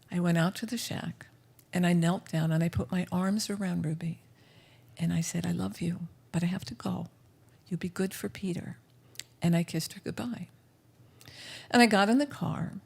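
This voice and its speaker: A woman's voice: lowish voice, vocal fry. A woman telling a personal story live at a café, in a vivid, well-paced first-person manner. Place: café stage.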